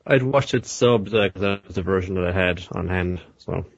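Male co-host, lowish voice, understated and deadpan, dry lo-fi sound. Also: brisk, gravelly, no room sound. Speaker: podcast co-host. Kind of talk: casual chat reviewing anime.

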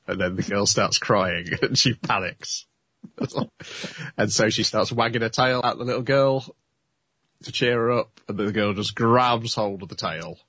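A man's voice: on the low side, unhurried, a bit bright, husky, dry recording. A man hosting a casual podcast, recapping an anime episode with frequent laughs. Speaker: podcast host.

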